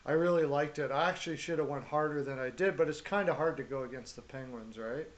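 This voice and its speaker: A man's voice: on the high side, fast talker, muffled recording. A man hosting a casual hockey chat show, upbeat and jokey as he greets viewers and talks through picks. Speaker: show host.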